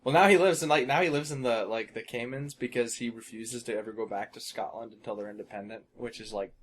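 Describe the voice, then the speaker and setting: A man co-hosting a casual podcast chat, animated and prone to acting out quotes with big jumps in pitch. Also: quick pace, a little hiss or hum. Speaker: podcast co-host.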